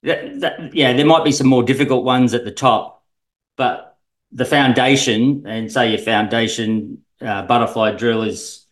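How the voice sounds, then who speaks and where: A man talks casually about coaching in a mid-pitched voice. His speech rambles, full of restarts and fillers. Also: fairly even intonation, measured pace, poor audio. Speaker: swim coach guest. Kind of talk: casual podcast chat.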